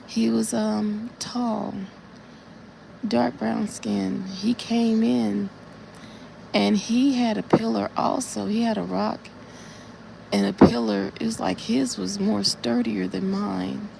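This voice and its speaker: A woman's voice: medium pitch, fairly even intonation, slow pace, vocal fry, dark tone, a little hiss or hum. A woman on a casual live stream, earnestly retelling a dream in a repetitive way and speaking straight to her viewers. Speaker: livestreamer.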